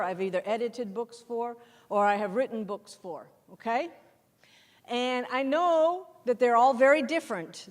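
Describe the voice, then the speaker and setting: A middle-aged woman, a textbook author, gives an animated workshop talk to teachers and keeps asking the audience questions and answering them herself. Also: fairly high pitch. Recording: hall reverb.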